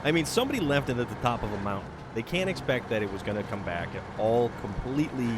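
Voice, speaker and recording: This truck-game streamer has a medium-pitched, sing-song voice and talks fast against background noise. He rambles through casual gameplay commentary, amused at himself and muttering about his moves.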